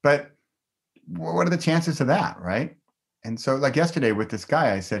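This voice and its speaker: A man's voice: fairly high pitch, lively intonation, normal speed, creaky. A middle-aged man talking as a guest on a podcast in a casual, enthusiastic way, laughing often. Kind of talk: casual conversation.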